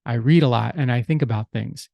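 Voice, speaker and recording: A man's voice: medium pitch, brisk, vocal fry, dry recording, muffled recording. A middle-aged man hosting a podcast, telling a personal story in a casual, easygoing way with restarts and fillers. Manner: easygoing, with restarts and "you know". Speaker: podcast host.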